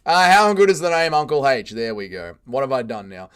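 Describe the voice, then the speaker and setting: A man's voice: mid-range voice, very animated, brisk, clear, resonant tone. A man hosting a livestream, reading out chat and answering in a crude, joking, rambling way. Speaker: streamer host reading chat.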